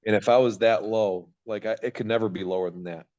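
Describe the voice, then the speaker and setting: A man with a low voice rushes through a candid personal story as a podcast guest. He rambles and swears freely. The recording sounds dull and lo-fi. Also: fairly even intonation, a little mellow.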